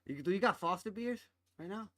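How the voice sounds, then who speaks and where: Loud, excitable high-voiced male streamer. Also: fairly quick, crowd noise. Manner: loud, excitable and profane, laughs often. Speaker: streamer hosting a game stream. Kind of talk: casual gaming chat.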